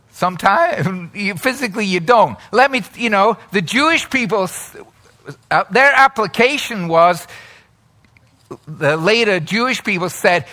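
A man's voice: high voice, bright, forceful tone. A man preaching a sermon in a chatty way, asking the congregation questions and laughing often. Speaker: pastor.

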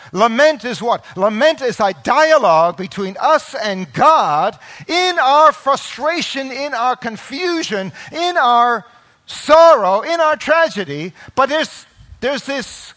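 A man preaching a sermon in a high, lively voice that climbs and falls across a wide span. He drops to quiet, low explanation and then builds into loud, impassioned exclamations. Along the way he acts out the voices of parents and crying children. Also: slow pace. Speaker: pastor.

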